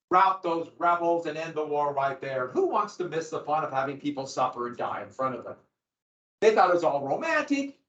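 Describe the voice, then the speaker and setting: A man's voice: high voice, fairly bright tone. A man teaching a history lesson in a chatty, wry lecture style, with asides and dry jokes. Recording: echoey room, dull lo-fi sound.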